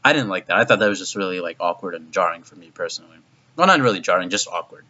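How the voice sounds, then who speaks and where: Man, low and punchy, excitable reviewer who rambles and swears, recorded on dull gear. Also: very fast. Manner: rambling and profane, heavy use of "like"; excitable, voice jumps up in disbelief. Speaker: anime reviewer. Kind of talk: casual video review.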